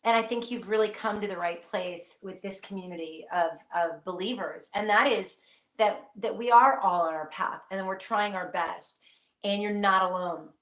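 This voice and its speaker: A woman's voice: medium pitch, normal speed, a bit bright, roomy sound. A woman hosting a live psychic question-and-answer stream, speaking earnestly and reassuringly straight to her viewers.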